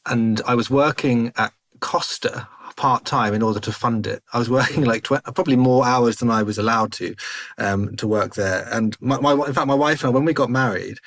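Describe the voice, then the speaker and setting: Thirties male guest, lively anecdotal storyteller, average pitch, chuckles often. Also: moderate pace. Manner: animated, self-interrupting, chuckles through anecdotes. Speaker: podcast guest. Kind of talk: conversational storytelling.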